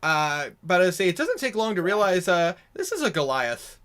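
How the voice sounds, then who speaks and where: A man runs a tabletop game as its game master. He narrates scenes with rambling, loose description. His voice sits a little high for a man. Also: big pitch swings, moderate pace, a bit bright.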